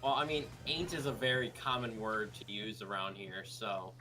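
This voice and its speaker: A man's voice: lowish voice, steady tone, normal speed, bright, forceful tone, soft background music. A man chatting casually on a livestream, easygoing and joking, sometimes trailing off mid-sentence.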